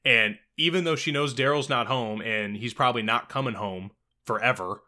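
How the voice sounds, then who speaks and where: A man co-hosting a casual podcast about a movie, animated and profane, laughing often. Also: mid-range voice, moderate pace. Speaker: podcast co-host. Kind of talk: casual film discussion.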